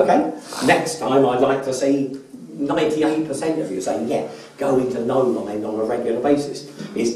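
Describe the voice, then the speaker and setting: A man leads a motivational seminar, quizzing the crowd and often doubling his first words. His mellow voice is picked up from well back in a large convention hall that rings with echo. The delivery is a live seminar talk. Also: medium pitch. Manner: polls the audience with questions, often repeats words when starting a phrase. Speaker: business mentor giving a training seminar. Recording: echoey hall, voice from far off.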